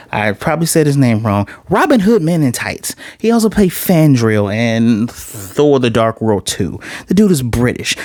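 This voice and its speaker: A man's voice: medium pitch, a little mellow, no room sound, studio quality. A man with a Midwestern accent giving a casual spoken TV review, blunt and rambling, full of asides and self-corrections.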